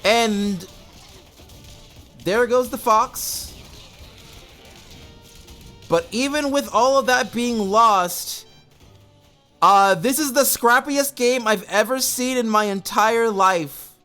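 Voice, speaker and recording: A man casting a strategy game match, excitable, often laughing and yelling advice at the players. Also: very high-pitched, slow, pauses often, faint music behind. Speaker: game caster. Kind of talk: esports match commentary.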